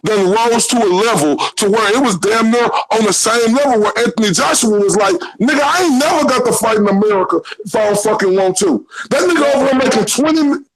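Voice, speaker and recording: A man's voice: sits high, fairly quick, few pauses, a crowd in the background, rough recording. A man arguing hard on a livestream panel, insistent and full of profanity. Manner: profane, insistent, talks over others. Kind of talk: heated debate on a livestream.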